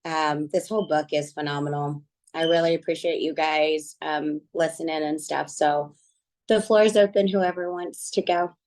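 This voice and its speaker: Middle-aged woman, low-pitched, sincere and reflective book club talk, halting with fillers. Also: fairly even intonation, darkish tone. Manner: earnest, reflective, many fillers. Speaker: book club team member. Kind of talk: casual online group discussion.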